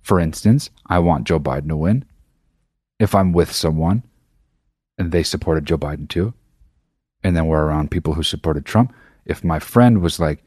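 A man rants to his listeners in a casual monologue, swearing freely and hammering his points home. His voice sits low, and the recording is dry with no room sound. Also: moderate pace, pauses often, slightly rough, dry recording. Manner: profane, emphatic, animated. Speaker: podcast host.

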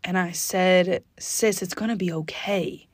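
A woman from the US East Coast hosting her own positivity podcast, talking in a chatty, energetic way with sudden high exclamations. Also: measured pace, no room sound. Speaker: podcast host. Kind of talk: upbeat motivational podcast monologue.

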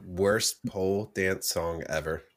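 A man hosting a casual podcast, jokey and quick to interrupt. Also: deep voice, fairly even intonation. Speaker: podcast host. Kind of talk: casual chat.

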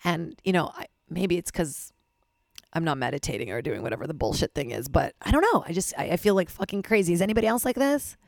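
Hoarse woman podcast host, low and gravelly, frank and self-mocking, swears a lot. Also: lively intonation, fast talker, a little mellow, no room sound, studio quality. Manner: frank, rambling, swears freely, self-deprecating. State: hoarse from losing her voice. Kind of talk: candid solo podcast monologue.

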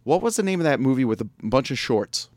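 A man's voice: mid-range voice, big pitch swings, fast talker, crowd noise. A man hosting a casual internet radio interview, joking and laughing often as he rambles along. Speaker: radio show host.

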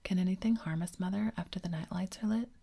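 A woman's voice: lowish voice, fast, creaky, dark tone, husky. A woman voicing a stubborn little boy in a whispered role-play. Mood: pleading.

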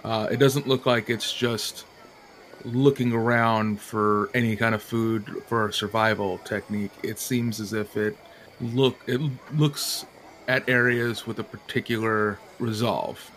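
A man's voice: lowish voice, steady tone, unhurried, fairly bright tone, a little hiss or hum. Man narrating as game master. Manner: hesitant, filler-heavy narration.

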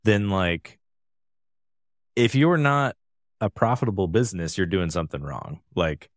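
Deep-voiced man, rambling casual podcast chat. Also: measured pace, no room sound, clean studio sound. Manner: rambling, filler-heavy, laughs often. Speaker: podcast co-host.

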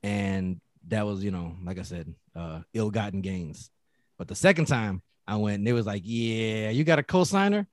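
Profane, animated man in his thirties. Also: low-pitched, normal speed, dry recording. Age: 30s. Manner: blunt, profane, animated storytelling. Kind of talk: casual chat.

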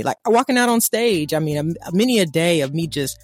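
A woman, co-hosting a casual faith talk and preaching in an animated, conversational way. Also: lowish voice, fast. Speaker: podcast co-host.

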